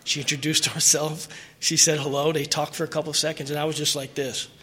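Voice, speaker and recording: A man's voice: fairly high pitch, little pitch movement, a little fast, background noise. A middle-aged man telling his personal recovery story at a meeting, earnest and emotional, rambling with restarts.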